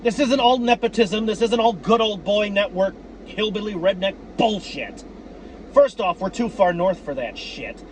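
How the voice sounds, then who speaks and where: A man giving profane, worked-up fan commentary on his team, repeating himself and breaking into shouts. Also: sits high, lively intonation, normal speed, a little hiss or hum. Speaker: sports fan vlogger.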